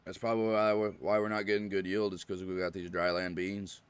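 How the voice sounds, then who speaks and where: A man streaming a farming game, chatting casually and rambling, often clearing his throat. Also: sits low, level tone, a little fast, no room sound. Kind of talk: casual live-stream chat.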